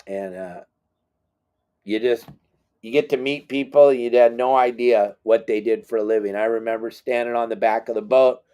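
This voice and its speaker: A man's voice: mid-range voice, normal speed. Brief: middle-aged man, fishing guide, casual storyteller with a self-deprecating streak. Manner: animated, self-deprecating, acts out quotes. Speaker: fishing guide and boat captain.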